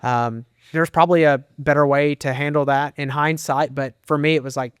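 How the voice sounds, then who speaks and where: A middle-aged man tells his testimony in an earnest, candid way, pausing as the emotion rises. His voice sits a touch higher than most men's and sounds smooth and resonant. It is recorded close and dry. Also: steady tone, no room sound. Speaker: associate pastor and men's minister. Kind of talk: personal testimony in an interview.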